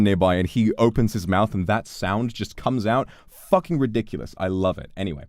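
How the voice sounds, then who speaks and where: A young man chatting casually with his chat, playful and swearing freely, with quick restarts. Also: lowish voice, darkish tone, dry recording, studio quality. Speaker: streamer. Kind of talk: casual chat reading donations.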